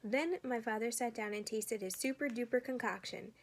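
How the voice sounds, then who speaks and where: A woman, a teacher, reading a children's chapter book aloud in a steady, clear storytelling voice. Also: a little high, normal speed.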